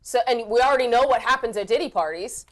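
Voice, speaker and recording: A woman co-hosting a talk show, bantering playfully and quick to laugh. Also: a little high. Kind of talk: casual chat.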